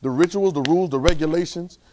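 A man preaching a sermon to a Bible class, colloquial and calling out to his listeners, rising to loud exclamations. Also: fast, background noise. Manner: rising to loud, high-pitched exclamations for emphasis; colloquial, calls out to the audience.

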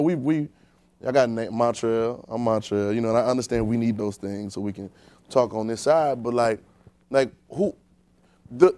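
A male preacher giving a conversational sermon, talking directly to his congregation and swinging between quiet, low asides and loud emphasis. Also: dry recording.

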